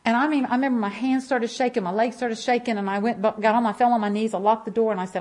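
Her voice sits a little high and slightly mellow, with fairly even intonation, moving fast with few pauses. She's a woman in her fifties sharing a fervent church testimony, stressing and repeating phrases through her story.

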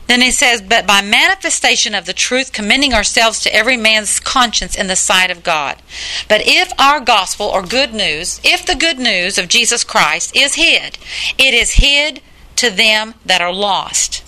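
A woman's voice: on the high side, lively intonation, normal speed, sharp tone. An older woman preaching a sermon in an earnest, plain-spoken way, repeating her points for emphasis.

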